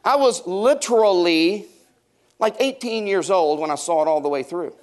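A pastor in his fifties preaches with a voice pitched a little higher than most men's. He jokes his way through stories and calls out questions to his congregation. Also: normal speed. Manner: humorous, storytelling, banters with the congregation. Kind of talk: sermon. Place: church before a congregation.

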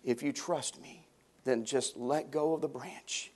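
A pastor voicing God speaking from the heavens in a quiet, gentle, slow way. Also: male voice, medium pitch, fairly even intonation, natural voice. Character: calm divine voice from the heavens.

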